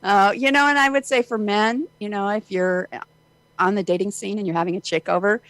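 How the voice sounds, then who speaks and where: A woman's voice: medium pitch, fairly even intonation, a little fast, fairly bright tone. A woman co-hosting a casual morning radio show, giving wry, matter-of-fact advice. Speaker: radio co-host.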